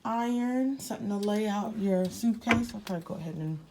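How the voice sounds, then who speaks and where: A woman's voice: mid-range voice, brisk, heavy background noise. A young woman giving a chatty, slangy hotel room tour in casual vlog style, with many fillers. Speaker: vlogger.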